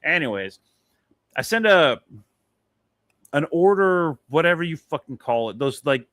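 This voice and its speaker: Man, slightly high and bright voice, loose profane storyteller, dry close mic. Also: a little slow, dry recording. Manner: animated, swearing, rambling anecdote. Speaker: podcast co-host. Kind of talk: casual storytelling chat.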